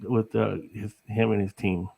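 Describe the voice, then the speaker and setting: A man's voice: fairly low pitch, level tone, a little slow, vocal fry, dark tone, breathy edge, rough recording. A middle-aged man from Texas, a guest on a podcast, chatting casually in a rambling way, laughing often and saying "you know" a lot. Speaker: guest, paranormal investigator.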